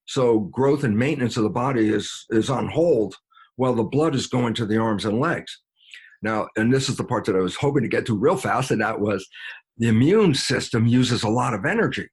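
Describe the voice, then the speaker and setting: A man with a husky, slightly breathy voice talks as an interview guest. He explains in an animated way, plays out both sides of imagined exchanges and lets small chuckles slip into his sentences, with plenty of filler sounds along the way. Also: medium pitch, moderate pace. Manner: animated, acts out dialogues with himself.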